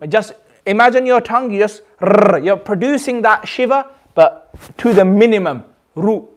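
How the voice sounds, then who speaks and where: A man with a fairly high voice and a British accent leads a recitation lesson. He speaks patiently, repeats each sound several times and keeps asking whether his class has understood. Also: moderate pace. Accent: British English. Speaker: Quran recitation teacher.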